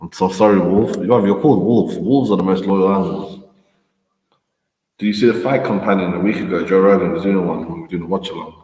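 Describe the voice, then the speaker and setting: A man chatting casually in slangy, excitable talk. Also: low-pitched, fairly quick. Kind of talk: casual chat. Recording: echoey roomy reverb.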